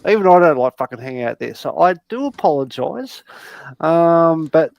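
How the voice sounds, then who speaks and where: An older Australian man with a slightly raised pitch, fired up and swearing freely as he rants. The sound is dry and close, with no room around him. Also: expressive, moderate pace, gravelly, dry recording, highs cut off. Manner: heavy swearing, heated rants. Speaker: podcast co-host. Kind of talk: casual online chat.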